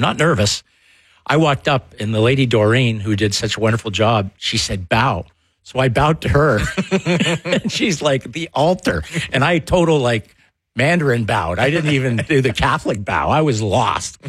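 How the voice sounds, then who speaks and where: A man, co-hosting a casual sports talk show and telling animated stories. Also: lowish voice, dry recording, clean studio sound. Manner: animated storyteller, laughs often. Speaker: sports radio co-host, former player.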